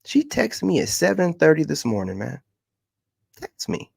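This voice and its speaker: A man's voice: on the high side, wildly swooping pitch, moderate pace, gravelly, darkish tone, slightly rough, no room sound, studio quality. A man, a content creator venting in a heated, mocking rant. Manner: exasperated, ranting, mocking.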